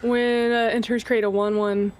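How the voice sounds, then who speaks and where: A woman streaming a card game, chatting casually, excitable and swearing freely as she thinks aloud. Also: on the high side, normal speed, slight background noise. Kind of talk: casual gameplay chat.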